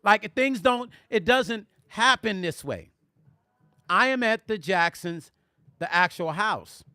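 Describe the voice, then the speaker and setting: A man hosting a music vlog, telling stories in an animated, conversational way and speaking directly to his viewers. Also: high-pitched, slow, dry recording. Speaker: music vlogger. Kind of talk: storytelling on a live stream.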